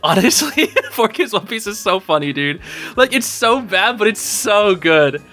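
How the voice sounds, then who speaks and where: A man hosting a casual podcast, talking in an excitable, rambling way and laughing often. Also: sits high, measured pace, faint music behind. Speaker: podcast host.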